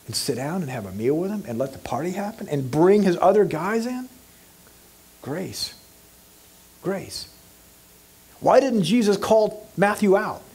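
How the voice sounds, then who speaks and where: Animated, husky-voiced male preacher. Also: a little high. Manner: animated, emphatic, acts out scenes, asks the audience questions. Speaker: pastor. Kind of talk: sermon.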